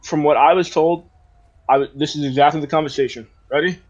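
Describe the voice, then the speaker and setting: A man's voice: fairly high pitch, fairly even intonation, a little fast. Guy rambling on game voice chat, lots of ums, dull lo-fi mic. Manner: rambling, retells conversations with many fillers. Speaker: roleplay server player. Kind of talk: casual voice chat.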